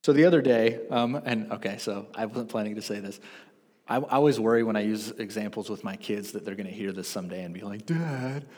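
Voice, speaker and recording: A man in his thirties preaching a sermon, telling stories with lively self-deprecating asides. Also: lowish voice, fast talker. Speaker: pastor. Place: church sanctuary. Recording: long reverb of a church hall.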